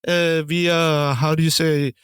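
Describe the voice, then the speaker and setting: Higher-voiced man, blunt dry storytelling. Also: little pitch movement, unhurried, fairly bright tone, clear, resonant tone, no echo. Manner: swears freely, searches for words mid-sentence. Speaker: podcast co-host. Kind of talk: casual storytelling chat.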